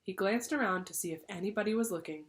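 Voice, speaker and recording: A teacher reading a children's book aloud, pausing to explain the story to her class. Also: medium pitch. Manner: lively, pausing to explain to pupils.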